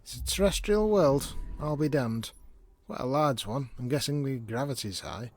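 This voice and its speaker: A gameplay video host comments casually on a space game while playing, chatty and sarcastic, frequently reading on-screen text out loud. His mid-range voice is a little mellow, with lively intonation and a moderate pace, over slight background noise.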